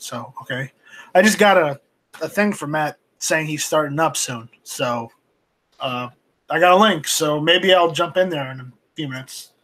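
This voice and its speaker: A man hosting a casual live stream off camera, reading viewer chat aloud and talking in a halting, rambling way with many restarts. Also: on the high side, a bit bright. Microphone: home streaming mic, voice only, off camera.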